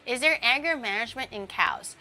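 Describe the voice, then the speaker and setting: A woman's voice: on the high side, lively intonation, brisk, pushed and bright. A young woman streaming as a VTuber, chatting casually while she bakes at home, rambling through playful tangents with lots of fillers. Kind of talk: casual livestream chat while baking.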